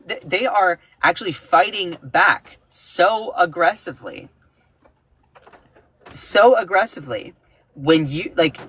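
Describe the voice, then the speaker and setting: A man giving casual, indignant political commentary on a livestream, emphatic, with sudden jumps in pitch. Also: fairly bright tone, slight background noise. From United States.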